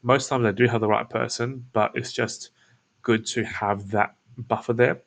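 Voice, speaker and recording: Laid-back man with a gravelly voice. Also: medium pitch, steady tone, moderate pace, a bit bright. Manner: laid-back, talks in restarts and fillers. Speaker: SEO business owner and show host. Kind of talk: casual screen-share walkthrough.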